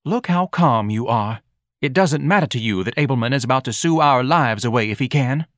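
A man's voice: medium pitch, lively intonation, a little fast, no echo, studio quality, voice pushed up, natural voice. A man voicing a wealthy middle-aged wife who lectures insistently and needles her husband. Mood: needling.

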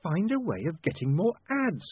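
A man's voice: high voice, very animated, breathy edge, no room sound, voice pushed up, heavily acted. Man voicing a snappish young newswoman. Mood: insistent. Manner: brisk, scolding, raised voice. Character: sharp-tongued young woman reporter. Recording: tinny dry lo-fi audiobook recording.

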